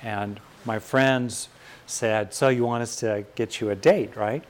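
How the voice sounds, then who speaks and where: An older American man from California giving a thoughtful, reflective talk on fear and courage, pausing often and rising in emphasis on key points. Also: lowish voice, steady tone.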